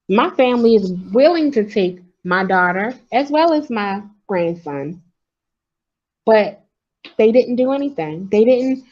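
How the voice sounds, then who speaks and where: A woman's voice: a little high, highs cut off. A grandmother from Maryland calling in to a talk show, telling her story in a frustrated, insistent way. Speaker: caller. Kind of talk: call-in talk.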